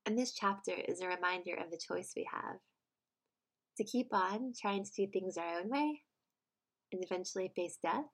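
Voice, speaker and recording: Woman preaching, slightly low voice. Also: fairly bright tone. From United States. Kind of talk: sermon.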